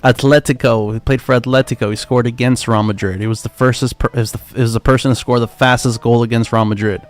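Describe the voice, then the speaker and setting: A young man hosting a live trading stream, chatting casually with excitable, profane, slangy banter. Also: medium pitch, fast talker. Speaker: livestream trading host.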